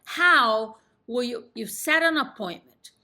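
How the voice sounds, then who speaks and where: A woman coaching real estate agents in an emphatic, confident talk that drops in pitch at the end of each sentence. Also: slow pace, pushed and bright. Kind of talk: instructional talk to camera.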